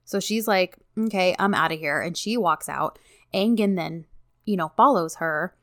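Woman co-host, slightly low voice, casual recap chat, dry mic. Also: no echo. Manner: chatty, quick fillers like "you know" and "like". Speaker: podcast co-host.

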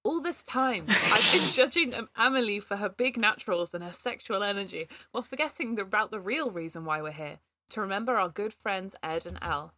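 A woman co-writer reading a shared story aloud, giggly and animated, often breaking into laughter. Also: medium pitch, a little fast, hardly any pauses, slight background noise.

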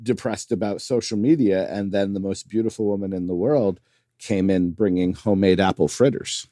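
A man co-hosting a casual podcast chat, animated and quick to laugh. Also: low voice, dry recording, clean studio sound. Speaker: podcast co-host.

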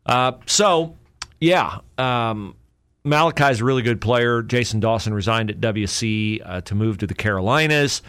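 A man talks through sports notes on his solo podcast, thinking aloud and correcting himself as he goes. His voice sits at an ordinary middle pitch. The sound is dry and close, with no room around it. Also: unhurried, fairly bright tone, smooth, no echo. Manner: rambling, thinks aloud with many fillers and self-corrections. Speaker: podcast host. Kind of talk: casual solo podcast talk.

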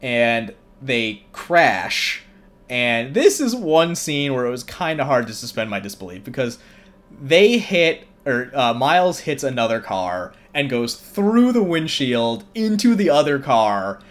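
A man's voice: medium pitch, very animated, a little slow, a bit bright. A male host walks through an action movie plot. He rambles with fillers and chuckles. His voice sits in a middle range. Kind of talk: casual movie recap.

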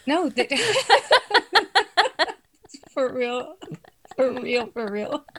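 A woman's voice: a little high, drawn-out words. Young woman ranting about work to friends, swears a lot, laughs a lot, casual. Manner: swearing, laughing, animated storytelling. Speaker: storyteller among friends. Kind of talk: casual chat.

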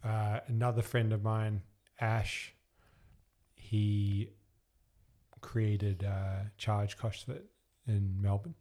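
A man's voice: on the low side, flat delivery, extremely slow, warm tone. A man hosting a casual interview, easygoing and encouraging, with short agreeing replies.

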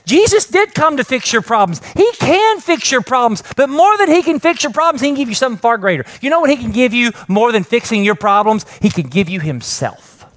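A middle-aged pastor with a very high voice and big pitch swings preaches a little fast, hardly pausing, in a church with a live congregation and an online stream. His sermon is conversational, full of rhetorical questions that build to emphatic peaks before a soft, prayerful close.

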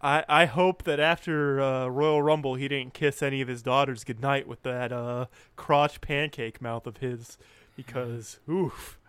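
A man's voice: mid-range voice, fairly even intonation, measured pace, a bit bright, clean tone, no echo. A man co-hosting a casual wrestling recap, telling it with wry amusement and plenty of swearing. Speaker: wrestling podcast co-host.

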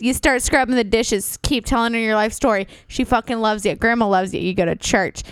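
A woman's voice: on the high side, fairly even intonation, fairly quick, hardly any pauses, clear, resonant tone, no room sound. A young woman in her twenties, co-hosting a casual chat, laughing often and swearing freely as she gives joking advice. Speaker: podcast co-host.

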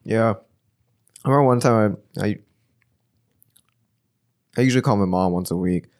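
Low-voiced, hesitant male podcast guest. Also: normal speed. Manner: hesitant, with many restarts and fillers. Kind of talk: casual conversation. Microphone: podcast microphone.

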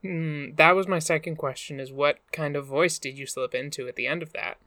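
A woman's voice: sits low, fairly quick, pushed and bright, no room sound. A woman co-hosting a casual podcast, dry and teasing, with frequent fillers. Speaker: podcast co-host.

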